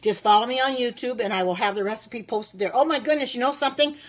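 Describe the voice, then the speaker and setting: A woman's voice: a little high, fast talker. A woman in her sixties chatting on a live stream as a home cook, reacting aloud to viewer comments in a devout, thankful way. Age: 60s.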